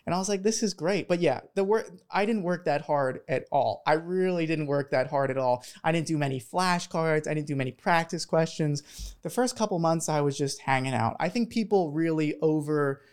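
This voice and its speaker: A young man from Philadelphia, a medical student telling his story as an interview guest, talking fast and animated with restarts. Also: fairly high pitch, clean tone.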